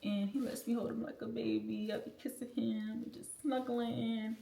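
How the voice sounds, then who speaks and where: A woman's voice: a little high, little pitch movement, moderate pace, vocal fry. Chatty young woman cooking in an echoey kitchen. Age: 20s. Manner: chatty, blunt and profane, talks to viewers as y'all. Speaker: vlogger. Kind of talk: casual storytime while cooking. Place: home kitchen. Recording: echoey room with loud background noise.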